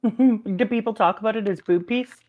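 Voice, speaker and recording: A woman's voice: mid-range voice, moderate pace, a little mellow. A woman co-hosting a live stream, chatting casually and animatedly, laughing often and acting out quotes. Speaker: stream co-host. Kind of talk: casual chat.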